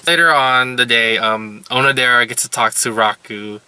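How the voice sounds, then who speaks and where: A man recaps anime episodes in a loose, rambling way, with fillers all through his sentences. His voice is very bright and tense at an ordinary middle pitch. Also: moderate pace, clean tone, dry recording. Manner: rambling, heavy use of "like" and "you know". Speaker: anime reviewer.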